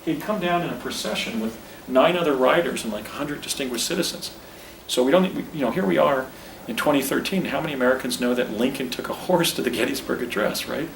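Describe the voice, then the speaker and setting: A man's voice: medium pitch, quick pace, gravelly, far from the mic. A man in his fifties tells a story in a rambling way, often stopping to correct himself and point at spots around him. He speaks outdoors, some way from the mic, so his voice echoes, with faint outdoor noise behind it. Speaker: speaker recounting an experience. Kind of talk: casual storytelling on location. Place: outdoors at a historic site.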